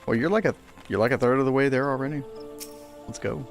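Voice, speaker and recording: A man's voice: mid-range voice, fast talker, faint music behind. A man chatting casually beside a game stream, laid-back and joking. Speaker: streamer's partner, co-host. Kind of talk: casual chat.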